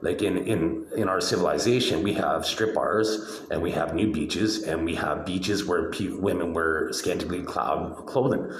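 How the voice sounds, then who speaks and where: A man's voice: deep voice, unhurried, hardly any pauses, slight background noise. A man talking alone to the camera in a rambling monologue, firing repeated rhetorical questions and tagging his points with "right?". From Canada. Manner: repetitive, insistent rhetorical questions, trailing "right?". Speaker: video blogger. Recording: echoey room.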